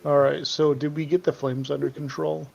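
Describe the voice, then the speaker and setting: A man's voice: fairly high pitch, little pitch movement, moderate pace, creaky, darkish tone. A man playing a tabletop game, speaking hesitantly with frequent ums. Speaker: player. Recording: dull lo-fi audio, faint hiss.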